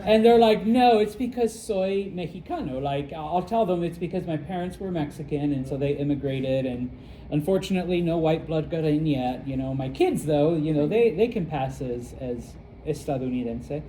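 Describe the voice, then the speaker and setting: A middle-aged man from the United States teaching a casual classroom lesson, rambling with lots of fillers and quick check-ins. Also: a little high, dark tone, slight background noise, low-quality recording. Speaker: Spanish teacher.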